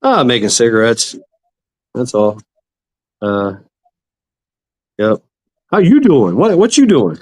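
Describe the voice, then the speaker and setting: A man's voice: mid-range voice, wildly swooping pitch, takes it slowly, pauses often, a little mellow, dry recording. Rambling, foul-mouthed male stream host. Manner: rambling, profane, greets chat viewers. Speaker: livestream host. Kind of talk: casual livestream chat. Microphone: computer mic for online stream.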